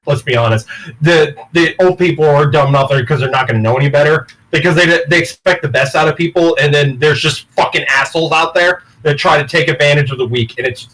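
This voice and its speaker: A man's voice: a little high, fast, fairly bright tone, poor audio. A man in casual chat, telling a story bluntly and swearing freely. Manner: blunt and swearing, tells stories with laughs.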